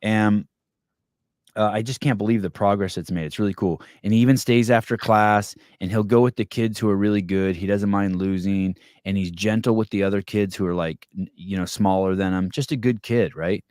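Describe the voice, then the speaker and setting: A man hosting a podcast, telling a long story in a casual, animated way, swearing often and restarting his sentences. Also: on the low side, moderate pace, dry recording, studio quality. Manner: animated, profane, rambling with many restarts. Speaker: podcast host.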